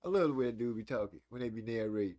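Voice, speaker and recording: Rapid-fire and dark-toned, his mid-range voice carries a casual live stream hosted by this man in his forties. He's playful, reading chat aloud and needling viewers about old films.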